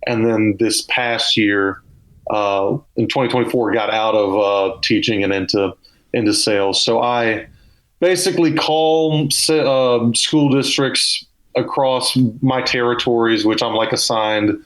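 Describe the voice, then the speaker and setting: A man's voice: medium pitch, fairly even intonation, unhurried, fairly bright tone, low-quality recording. A young man with a Southern US accent, a comedian telling loose, self-deprecating stories as a guest in a casual podcast interview.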